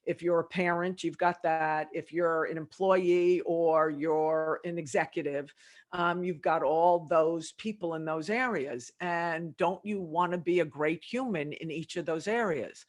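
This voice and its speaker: A middle-aged woman, a leadership consultant, talking in a podcast interview and acting out conversations as she tells stories. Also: lowish voice. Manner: animated storytelling with quoted dialogue.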